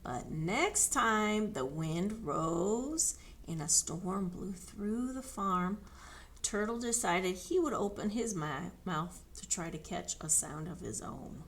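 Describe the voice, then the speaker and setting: A woman, a library storyteller, reading a picture book aloud to children in an animated way and inviting them to join in. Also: mid-range voice, slow pace, slight background noise. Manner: animated, sing-song, coaxing children to join in.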